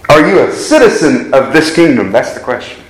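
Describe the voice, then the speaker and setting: Earnest pastor preaching in an echoey hall. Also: male voice, medium pitch, sing-song, a little fast. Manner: earnest, emphatic preaching with direct questions to the congregation. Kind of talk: sermon. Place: church hall. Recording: echoey church room.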